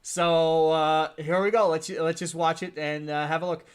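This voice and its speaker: A man hosting a casual online show, relaxed and chuckling, with lots of fillers. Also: a little high, normal speed, clear, resonant tone. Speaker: show host. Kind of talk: casual chat on a stream.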